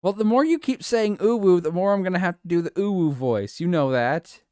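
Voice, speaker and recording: A man's voice: high voice, expressive, a little fast, a little mellow, smooth, no echo, clean studio sound. A man streaming live, chatting casually with his viewers, giggling a lot and swearing playfully.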